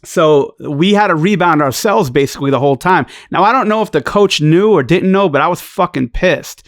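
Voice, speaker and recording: Man, podcast guest, slightly high voice, blunt, swears, dry close sound. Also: animated, moderate pace, no room sound. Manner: blunt, profane, rambling. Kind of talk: casual storytelling chat.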